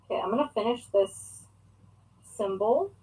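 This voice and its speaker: A woman's voice: a little high, lively intonation, measured pace, mellow, rough recording. A young woman chatting casually in a crafting vlog at home, rambling and talking to herself and her pet as she works. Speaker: crafting vlogger.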